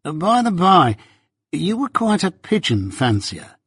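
A man voicing a brisk, dry male law clerk with a wry, clipped manner, read as an audiobook. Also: a little high, wildly swooping pitch, fairly bright tone, slightly rough, dry recording, voice pushed up, exaggerated voice.

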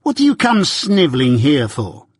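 A man reading an audiobook, voicing an obstinate male law clerk who snaps with sharp indignation. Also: on the high side, wildly swooping pitch, normal speed, slightly rough, no echo, studio quality, exaggerated voice. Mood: indignant.

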